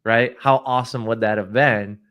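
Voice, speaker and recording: A man's voice: medium pitch, fairly even intonation, normal speed, a bit bright, smooth. A man co-hosting a live stream, talking earnestly, often repeating words and restarting sentences. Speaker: co-host.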